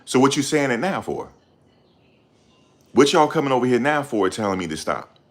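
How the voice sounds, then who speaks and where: A middle-aged man hosting his channel, talking in a loud, confrontational, profane rant. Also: mid-range voice, sing-song, moderate pace. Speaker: channel host. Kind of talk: ranting livestream commentary.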